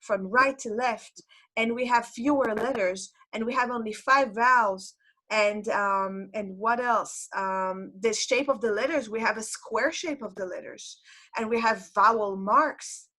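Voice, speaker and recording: A woman's voice: on the high side, unhurried, pushed and bright. Woman teaching online. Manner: explanatory, asks the audience questions. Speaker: Hebrew teacher. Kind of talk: online lecture to learners. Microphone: video call.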